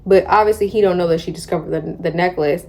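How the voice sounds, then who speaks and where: Young woman, book vlogger, warm mellow tone, slangy lively recap. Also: lowish voice, fast talker. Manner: chatty, slangy, animated retelling. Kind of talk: casual book discussion.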